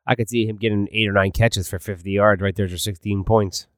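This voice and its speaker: A man's voice: lowish voice, steady tone, brisk, dry recording. A man co-hosting a podcast in casual chat, laid-back and terse. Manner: laid-back and terse, answers in short lines. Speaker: podcast co-host.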